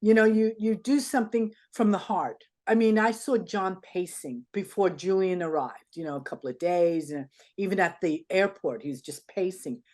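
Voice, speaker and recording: An older woman, an interview guest, telling stories in an animated way and acting out the people she quotes. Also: on the low side, moderate pace, hardly any pauses. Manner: animated, acts out quoted dialogue. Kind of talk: anecdotal storytelling.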